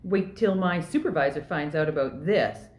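A woman's voice: low voice, darkish tone, close to an everyday voice. Woman reading a bossy, suspicious lady cop. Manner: bossy, suspicious, slow and emphatic. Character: pushy, zealous female police officer hunting communists. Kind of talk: amateur play read-through. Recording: roomy echo.

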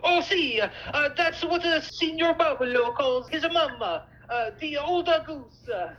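A woman's voice: high voice, expressive, measured pace, a bit bright, roomy sound, lo-fi sound. A woman playing a bumbling man posing as an Italian chef in a play read-through, stammering with constant uhs in a mock foreign accent. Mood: flustered.

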